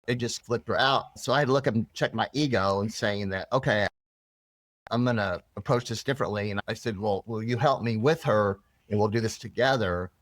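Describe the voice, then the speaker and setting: Male guest, low voice, earnest rambling storyteller, dry room. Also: brisk, fairly bright tone, dry recording. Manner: rambling, earnest, many restarts. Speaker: interview guest. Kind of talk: emotional personal storytelling.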